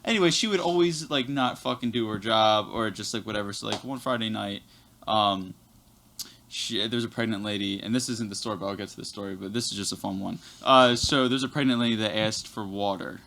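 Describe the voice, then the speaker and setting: A man's voice: on the low side, a little fast, creaky, a little hiss or hum. Profane rambling young man telling stories. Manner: profane, rambling, animated storytelling. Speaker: podcast guest. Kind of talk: casual podcast chat, storytelling.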